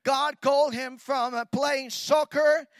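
High-voiced man preaching a sermon. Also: steady tone, takes it slowly, no echo, faint music behind. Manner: builds to loud repeated declarations, then drops to a quiet, low aside. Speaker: guest preacher.

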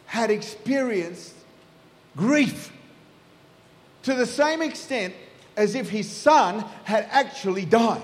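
A man preaching a sermon, telling the story vividly and acting out the scenes. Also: sits high. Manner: storytelling, acts out scenes in voices. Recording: echoey hall.

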